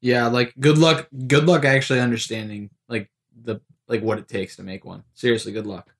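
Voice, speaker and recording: A man's voice: mid-range voice, steady tone, normal speed. A man co-hosting a comedy podcast, goofing around with a mock game-show delivery. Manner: goofy, mock-announcer delivery. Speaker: podcast co-host. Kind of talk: casual comedic banter.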